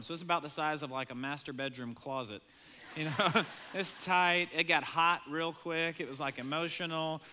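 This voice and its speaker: Animated, bright-voiced pastor telling a story. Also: male voice. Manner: animated storyteller who mimics his excited kids in a high voice; chuckles often, conversational. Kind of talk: sermon with storytelling.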